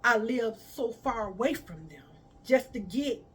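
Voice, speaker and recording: A woman's voice: on the high side, lively intonation, a little slow, husky, distant mic. A woman telling a personal story to her viewers, talking casually and acting out the dialogue of the people in it. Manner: conversational, addresses viewers as y'all, quotes others in dialogue. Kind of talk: emotional storytime vlog.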